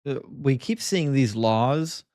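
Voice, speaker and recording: A man's voice: medium pitch, slow pace, a little mellow, no echo, studio quality. A man co-hosting a podcast, chatting casually and making opinionated, joking remarks. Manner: opinionated, joking, half-serious rants. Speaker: podcast co-host. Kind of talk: casual chat.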